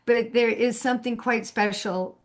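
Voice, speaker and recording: A woman's voice: on the high side, fairly even intonation, normal speed. A woman hosting a video call, affirming and effusive, with frequent agreeing murmurs.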